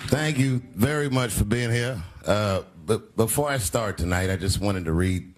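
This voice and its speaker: A man in his fifties telling stories in a stand-up comedy set, animated and acting out the people in them with big jumps in pitch, recorded live in a large theater. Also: moderate pace, background noise. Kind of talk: stand-up storytelling.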